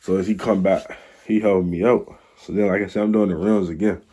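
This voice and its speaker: A man's voice: sits low, steady tone, fairly quick, warm tone. A young man telling a rambling, slang-filled story in a casual storytime vlog. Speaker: vlogger.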